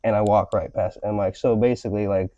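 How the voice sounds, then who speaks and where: A man's voice: lowish voice, steady tone, fast, a crowd in the background. A man hosting a podcast, talking in a casual, profane and rambling way as he rants. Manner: profane, rambling ranting delivery. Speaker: podcast host. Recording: slightly dull lo-fi audio.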